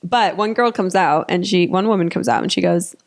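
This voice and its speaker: A young woman co-hosting a podcast with a raspy voice, chatting in a blunt, wry way. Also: lowish voice, fairly quick. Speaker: podcast co-host, pelvic physical therapist. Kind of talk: casual chat.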